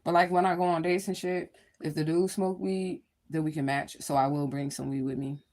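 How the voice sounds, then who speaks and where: A woman with a slightly lower voice hosts a casual livestream. She rambles candidly, swears freely and keeps turning to her viewers to check they follow. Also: steady tone, brisk, darkish tone. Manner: addresses viewers directly. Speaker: livestream host.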